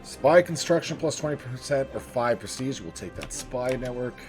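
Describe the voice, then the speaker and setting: A man's voice: medium pitch, animated, moderate pace, a little mellow, faint music behind. A man hosting a strategy game video, casually thinking aloud, chuckling and talking to himself as he plays. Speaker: gaming video host.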